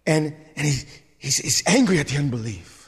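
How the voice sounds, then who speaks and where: A man preaching a sermon with a high, lively voice that swings up and down. He talks emphatically, with asides and quick restarts, and his voice rings with the long reverb of a large hall. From suburbs.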